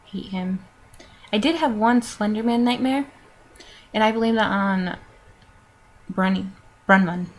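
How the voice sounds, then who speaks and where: A woman's voice: mid-range voice, unhurried, pauses often. Rambling nineteen-year-old woman vlogger. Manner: rambling, with frequent fillers, laughs and sighs. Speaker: vlogger answering follower questions. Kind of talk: casual rambling Q&A vlog.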